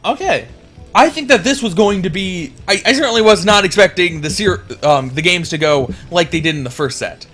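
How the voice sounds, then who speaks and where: A young man casting a video game match, rambling and chatty, getting excited at big plays. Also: sits high, fairly quick, faint music behind. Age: young adult. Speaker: game caster. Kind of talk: casual esports commentary.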